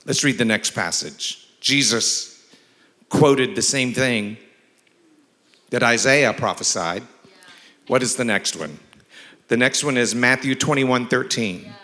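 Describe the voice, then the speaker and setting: A male pastor with a mid-range, bright, pushed voice delivers a sermon slowly with long pauses, blending humorous stories with emphatic scripture reading. He speaks in a large church sanctuary, and the recording carries the long reverb of the big hall.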